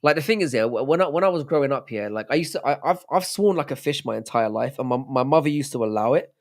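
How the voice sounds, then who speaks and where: A man's voice: medium pitch, lively intonation, fast talker. A man hosting a livestream, rambling, swearing and joking with his chat. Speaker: livestream host.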